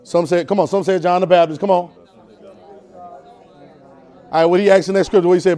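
A man preaching a call-and-response sermon, animated, repeating words and quizzing the congregation. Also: high voice, a little fast, long pauses. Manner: animated, repeats words, teaches by asking the crowd.

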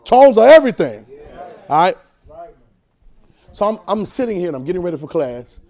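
A man's voice: high-pitched, very animated, moderate pace, darkish tone. A man preacher teaching a Bible class, repeating phrases and pulling call-and-response answers from the room.

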